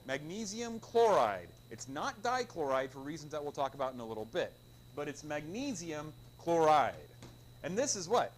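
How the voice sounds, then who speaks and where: A middle-aged male chemistry teacher lecturing a class, his pitch leaping up and down as he quizzes the room with playful jokes. His voice sits a little high for a man. Faint classroom noise hums behind him. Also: moderate pace. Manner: lively, joking, quizzes the class with call-and-response.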